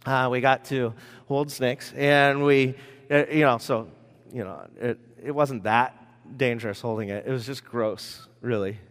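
A man's voice: mid-range voice, steady tone, unhurried, fairly bright tone. American guy preaching, loose and rambly with lots of uhs, long hall echo. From United States. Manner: conversational, rambling with fillers and asides. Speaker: pastor. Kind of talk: sermon with personal stories. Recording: reverberant hall.

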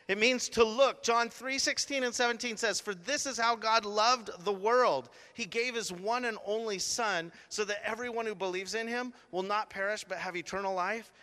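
A man's voice: high-pitched, pushed and bright, long reverb tail. A middle-aged man preaching a sermon, telling a chatty story with playful asides. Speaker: pastor.

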